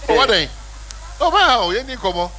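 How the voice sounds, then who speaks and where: Ghanaian guy hosting a radio show, high bright voice, playful, switches languages a lot, studio mic. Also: moderate pace. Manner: animated, playful, mixes languages. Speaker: radio host.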